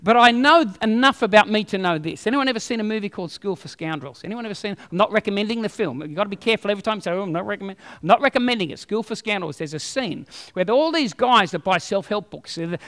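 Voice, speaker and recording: A man preaching a sermon as a pastor, telling stories with animated humor. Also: high voice, quick pace, in a large hall.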